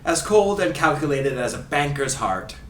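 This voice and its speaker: A man's voice: a little high, lively intonation, normal speed, noisy background, lightly acted. A man doing a fake Scottish accent as a flowery, over-the-top soccer commentator, with theatrical delivery. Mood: gushing. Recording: echoey room, mic at a distance.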